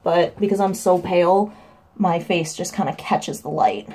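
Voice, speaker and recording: A woman's voice: moderate pace, warm tone. A young woman casually explaining her makeup steps at home in a makeup tutorial vlog. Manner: chatty, breaks into high sing-song baby talk. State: winded from running up stairs. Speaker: makeup vlogger.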